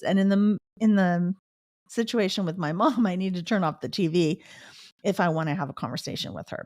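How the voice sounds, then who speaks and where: Woman, middle-aged, podcast host, earnest, storytelling, low voice, dry recording. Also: a little mellow, dry recording. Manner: earnest storytelling, with the odd laugh. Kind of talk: personal advice talk.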